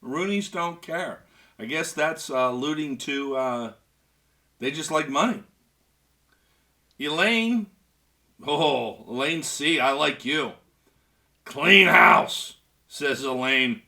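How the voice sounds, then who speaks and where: A man's voice: medium pitch, lively intonation, slow, long pauses, bright, forceful tone. A man hosting a sports talk show, reading fan comments in a wisecracking, joking way. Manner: wisecracking, does mock voices and laughs. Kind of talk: casual sports radio banter.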